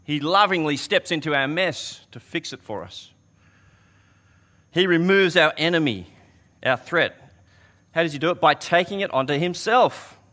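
Bright-voiced preacher, man. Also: on the high side, moderate pace, long pauses. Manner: earnest, conversational storytelling with repeated restarts. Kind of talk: sermon.

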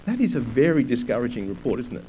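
A man's voice: mid-range voice, very animated, fast, mellow, dull audio, a little hiss or hum. A man preaching a sermon, reading scripture aloud with emphasis and putting rhetorical questions to his listeners.

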